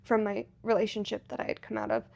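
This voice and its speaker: A young woman co-hosting a podcast, telling a story in a casual, animated way with lots of fillers. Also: mid-range voice, fast, gravelly. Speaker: podcast co-host. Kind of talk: casual chat.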